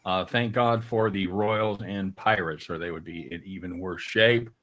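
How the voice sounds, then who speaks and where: A man's voice: low-pitched, unhurried. A man from Kansas City hosting a casual sports betting show, joking with his guests. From Kansas City, USA. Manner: lively, joking, animated. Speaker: show host.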